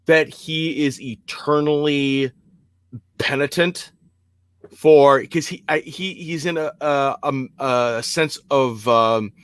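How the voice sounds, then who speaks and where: A man's voice: fairly high pitch, slow, a bit bright, clean tone, no echo. A man in his forties telling a personal story on a podcast, hesitant and self-deprecating with many fillers, over a remote call mic. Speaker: podcast guest. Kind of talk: personal story in casual chat.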